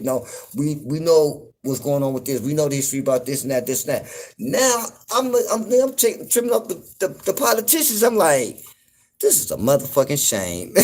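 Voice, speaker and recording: A man hosting his own show, talking in a loose, rambling commentary full of fillers and cursing, getting loud and incredulous when something riles him. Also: fairly high pitch. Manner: laid-back, rambling, frequent fillers and profanity. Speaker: podcast host. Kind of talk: casual commentary monologue.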